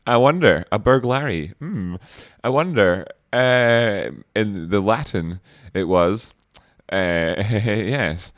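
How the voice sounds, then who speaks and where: A man's voice: lowish voice, animated, unhurried, fairly bright tone, no echo, clean studio sound. A man hosting a live trading stream, riffing playfully with mock outrage and swearing as he reacts to chat and a video.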